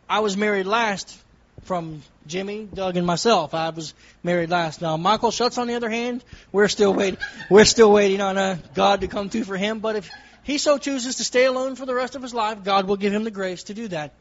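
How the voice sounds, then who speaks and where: A man's voice: high voice, fairly bright tone, muffled recording. A man giving an earnest testimony from the pulpit with a repetitive preaching cadence. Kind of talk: sermon testimony.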